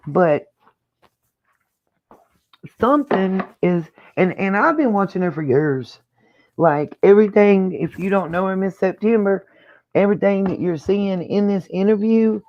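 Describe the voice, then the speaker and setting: A woman's voice: fairly low pitch, slight background noise. Chatty opinionated woman, dull lo-fi sound. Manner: chatty, opinionated, thinks aloud. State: hiccuping. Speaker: host of a reaction channel. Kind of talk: casual commentary on a played clip.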